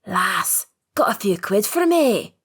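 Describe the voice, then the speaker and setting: A woman voicing a thin male junkie in his fifties, rasping and menacing. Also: mid-range voice, big pitch swings, takes it slowly, fairly bright tone, voice pushed up, full character voice. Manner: menacing, pushy.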